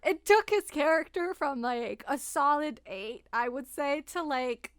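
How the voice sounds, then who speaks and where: Podcast co-host: woman, high voice, lively, swears, dry sound. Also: measured pace, no room sound. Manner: animated, laughing, swears freely. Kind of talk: casual book chat.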